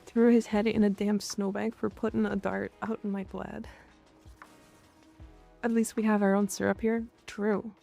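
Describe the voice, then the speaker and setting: A young woman chats with her stream viewers in a playful, easygoing way. Her voice has a gravelly fry and a mellow, warm tone. Soft music plays quietly behind her. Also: medium pitch, level tone, normal speed. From Canada. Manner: playful, reads chat aloud and answers it, growls "rawr" at viewers. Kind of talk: casual live-stream chat.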